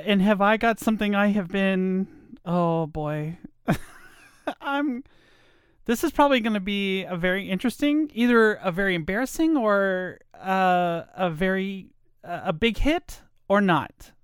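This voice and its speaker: A middle-aged woman from Virginia, a podcast host and former radio voiceover artist, chats casually in a rambling, self-deprecating way. Her medium-pitched voice is clean and a little slow, captured in a dry, studio-quality recording.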